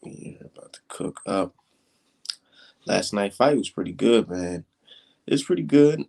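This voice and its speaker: A man hosting a casual live stream, talking fight talk in loose slang and getting animated as he rants. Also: unhurried, creaky. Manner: animated, slangy, swings high when mocking critics. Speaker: livestream host.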